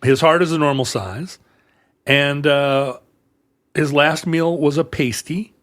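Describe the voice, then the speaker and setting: A man's voice: a little high, takes it slowly, a bit bright, dry recording, clean studio sound. A man co-hosting a comedic podcast, telling a true story in a rambling, jokey way. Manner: rambling, jokey, playful asides. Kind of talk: casual comedic podcast chat.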